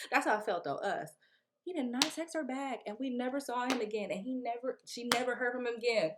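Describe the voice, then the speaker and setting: A young woman vlogging, telling a story in a casual, slangy, animated way and acting out what people said. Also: fairly high pitch, fairly quick, heavy background noise. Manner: animated, slangy, acts out quotes.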